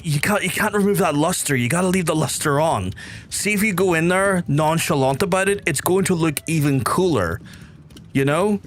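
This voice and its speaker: A young man from Belfast with a softened Belfast accent, chatting and rambling to his viewers while he streams a game. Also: a little high, normal speed, a little hiss or hum. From Northern Ireland. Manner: rambling, chatty, reads chat aloud. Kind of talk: casual game stream chat.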